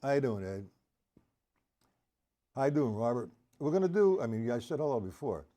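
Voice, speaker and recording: A man teaching drums on a live stream, talking through exercises in a slow, chatty way, greeting viewers by name and scatting rhythms aloud. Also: mid-range voice, big pitch swings, dark tone. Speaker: drum teacher. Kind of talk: live-streamed drum lesson.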